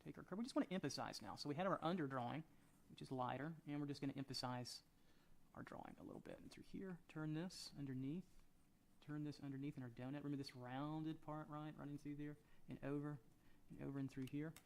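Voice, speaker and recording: A man teaching a drawing lesson, talking through each stroke as he sketches and often trailing off quietly. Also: fairly high pitch, quick pace, vocal fry, a little hiss or hum. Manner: relaxed, thinking aloud while sketching, often trailing off quietly. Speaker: drawing instructor.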